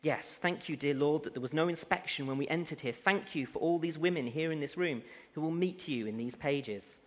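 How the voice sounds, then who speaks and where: A man's voice: on the high side, fairly quick, close to an everyday voice. A man reading the lines of an exasperated, reluctant woman in a hall with long reverb.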